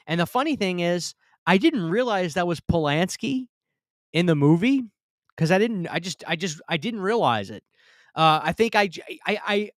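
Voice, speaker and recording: A man's voice: fairly high pitch, no echo, studio quality. A man from the Southern US hosting a casual live Q&A stream, reading viewer comments and stammering through restarts. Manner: chatty, stammers, reads viewer comments aloud. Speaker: livestream host. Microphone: close studio mic.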